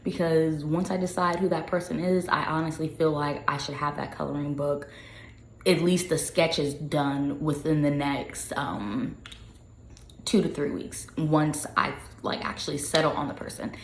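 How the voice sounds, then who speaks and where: A young woman with a low voice speaks frankly and casually, dropping curse words and plenty of "like" as she shares her experience as a social worker. Her voice bounces around an echoey room over a faint hiss. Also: steady tone, a little slow. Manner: candid, frequent swearing, lots of "like" fillers. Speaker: social worker and podcast host. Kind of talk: casual personal talk.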